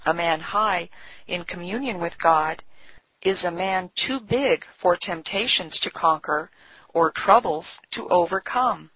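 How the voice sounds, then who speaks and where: A woman reads old devotional texts in a slow, solemn, measured cadence. Her voice sits low and husky, with a breathy edge. The recording is dull and lo-fi, and it sounds close and dry. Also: no room sound. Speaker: devotional reader. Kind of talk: scripted devotional reading.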